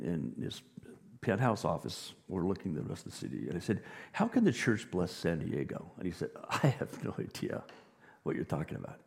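A man preaching a sermon as pastor, animated, dropping to quiet asides and rising to loud emphasis. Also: low-pitched, vocal fry. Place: church sanctuary. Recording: long reverb of a large hall.

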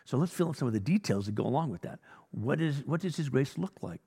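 Blunt gravelly male preacher in a hall. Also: medium pitch, lively intonation, fast talker, mellow. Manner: blunt, exhorting, rhetorical questions. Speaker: pastor. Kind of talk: sermon.

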